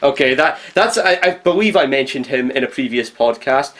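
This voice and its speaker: A man co-hosting a comedy podcast, trading quick jokes and laughing often. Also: medium pitch, lively intonation, a bit bright. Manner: joking, quick asides, laughs a lot. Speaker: podcast co-host.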